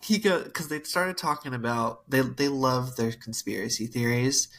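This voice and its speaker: A woman with a very low, husky voice tells a story on a casual podcast. She is wry and amused and drifts into drawn-out asides, speaking in an easy, chatty way. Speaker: podcast co-host. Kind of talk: casual chat, telling a family story.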